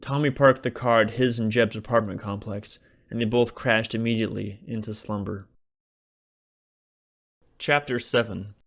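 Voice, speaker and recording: A man's voice: fairly low pitch, steady tone, brisk, vocal fry, few pauses. Man narrating a comic audiobook. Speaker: author narrating his own audiobook.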